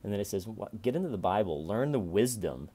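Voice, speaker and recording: A man in his forties giving a casual Bible reflection to camera, chatty and repetitive, with sudden loud playful callouts. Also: lowish voice, animated, fairly quick. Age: 40s. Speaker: vlogger reading and reflecting on scripture.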